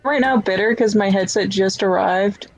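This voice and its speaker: A woman co-hosting a casual podcast, chiming in with quick, animated remarks and questions. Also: medium pitch, soft background music, low-quality recording. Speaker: podcast co-host.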